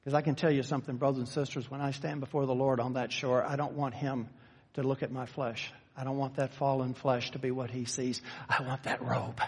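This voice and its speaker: A man preaching a sermon, teaching conversationally and shifting from slow, stressed phrases to quick asides. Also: medium pitch, flat delivery, a little mellow, breathy edge. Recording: long reverb of a church hall.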